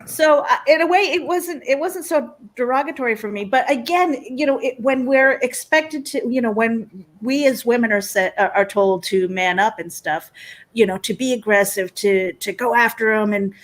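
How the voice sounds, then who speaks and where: A woman's voice: on the high side, normal speed. A woman speaking frankly in a casual panel discussion, hesitant and full of fillers. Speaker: panel guest.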